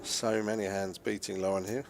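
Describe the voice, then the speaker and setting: A man's voice: on the low side, level tone, moderate pace, noisy background. A man with an English accent commentating live on a poker game, chatty and joking between hands.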